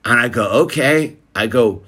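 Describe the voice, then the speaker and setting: A man's voice: mid-range voice, lively intonation, unhurried, a bit bright. A man casually telling a story about his son to camera, rambling and peppering it with "dude" and "like". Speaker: father telling a family story.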